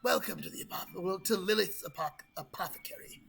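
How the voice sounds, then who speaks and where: A man voicing a young male dragonborn apothecary clerk who is chatty and helpful, with a halting manner. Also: high voice, vocal fry, fairly bright tone, faint music behind, exaggerated voice.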